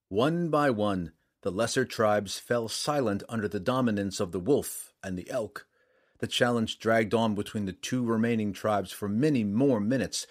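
Man reading a viking-style story out loud, lowish voice, steady and measured. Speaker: narrator. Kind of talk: scripted narration of a saga.

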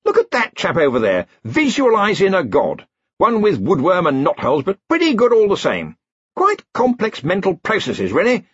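A hearty, blustering old wizard chief, done by a man booms along breezily in a raised voice. The tone is husky and the recording dull and dry. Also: wildly swooping pitch, normal speed, no echo, heavily acted. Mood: jovial.

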